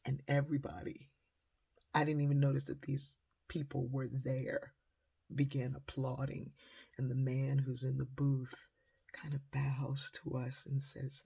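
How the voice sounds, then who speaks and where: A middle-aged woman with a husky voice telling a personal story in an animated, dramatic way. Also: extremely low pitch, measured pace. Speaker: motivational speaker.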